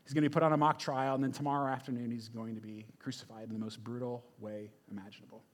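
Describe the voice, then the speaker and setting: This pastor delivers a sermon in a conversational, emphatic style, often checking in with listeners through frequent "right?" asides. His voice is medium-pitched and level in tone, and he speaks fast.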